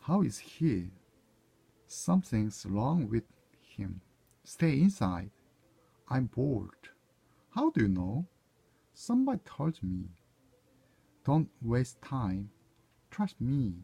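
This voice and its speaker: A man's voice: medium pitch, sing-song, slow pace, vocal fry, long pauses, dark tone, breathy edge. A man whose first language is Korean, reading short everyday English dialogue lines aloud one by one to proofread them, sometimes correcting himself. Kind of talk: reading practice phrases aloud.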